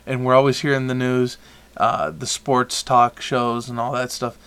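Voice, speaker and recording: A man's voice: mid-range voice, little pitch movement, moderate pace, fairly bright tone, smooth. A man hosting a podcast, chatting casually and rambling through opinions with frequent restarts. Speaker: podcast host. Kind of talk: casual chat.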